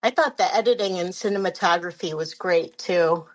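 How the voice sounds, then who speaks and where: A woman's voice: on the low side, normal speed, low-quality recording. A woman guest on a movie podcast, talking in an earnest, sympathetic way. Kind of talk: casual movie podcast chat.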